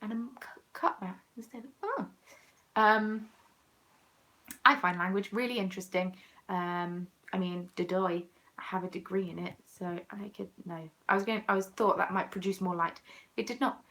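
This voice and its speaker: A woman's voice: medium pitch, fairly even intonation, moderate pace, pushed and bright. A woman in her twenties with a Southern English accent, chatting casually while she knits and answers comments from viewers, self-mocking in tone. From southern England. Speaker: craft vlogger. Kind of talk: casual chat while knitting.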